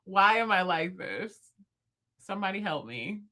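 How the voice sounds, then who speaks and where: A young woman, hosting a casual livestream, talking fast and laughing often with her viewers. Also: medium pitch, sing-song, bright, forceful tone. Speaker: livestream host.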